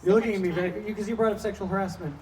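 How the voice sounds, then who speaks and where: A male comic on a small stage, his fairly high voice reaching a mic set a little way off. He tells rambling, profane stories full of asides. A faint hiss sits under the recording. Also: steady tone, rapid-fire. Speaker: stand-up comedian. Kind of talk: live stand-up set. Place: small live comedy venue with audience. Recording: distant mic with faint background noise.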